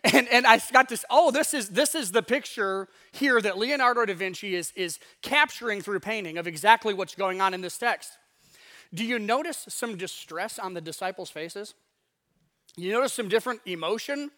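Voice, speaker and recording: A man's voice: high-pitched, normal speed, sharp tone. A man preaching a casual, conversational sermon as pastor in a church sanctuary, often acting out voices in asides.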